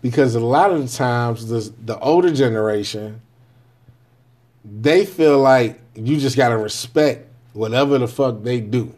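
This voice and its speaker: A medium-pitched, darkish male voice at a measured pace delivers a casual monologue to camera. The speaker, a father in his forties, candidly and bluntly describes raising his kids, swearing and constantly tossing in "right?" to check the listener follows.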